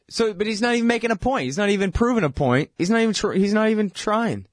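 Sarcastic, animated male political host. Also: fast, few pauses, no echo, clean studio sound. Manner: sarcastic, mocking impressions of others; animated, rising pitch when exasperated. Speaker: radio host. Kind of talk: political commentary monologue.

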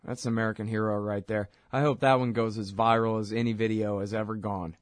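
A man's voice: on the low side, level tone, quick pace, no room sound. A man hosting a video commentary, talking in a casual, conversational way with fillers. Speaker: host.

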